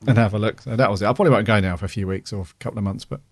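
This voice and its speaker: A middle-aged podcast co-host rambles in casual chat, full of fillers and restarts. His voice is lowish and very fast, recorded with no room sound.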